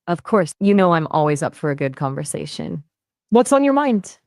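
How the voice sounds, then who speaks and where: A synthetic-sounding woman's voice as an AI conversation partner, upbeat and playful, with lively jumps in pitch. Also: normal speed, no echo, studio quality. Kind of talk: chatty voice assistant conversation.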